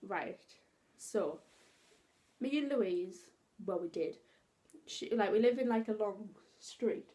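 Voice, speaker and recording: A woman's voice: mid-range voice, slow, pauses often. A young woman, giggling and chatting casually as she tells a funny story with a friend. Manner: giggly, animated retelling with frequent laughing. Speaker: vlogger.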